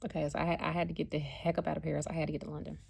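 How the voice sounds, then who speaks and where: A chatty American woman tells a story from her travels, her voice low and gravelly. She talks casually and animatedly, slipping into the voices of the people she met. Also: rapid-fire. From United States. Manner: chatty, animated, acts out quotes. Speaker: vlogger and spiritual card reader.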